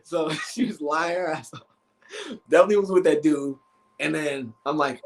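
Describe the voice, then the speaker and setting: A man with a fairly high voice tells a story on a live stream. He is animated and swears freely as he talks. He acts out the voices of the people in his story. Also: normal speed, poor audio. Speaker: therapist and relationship coach.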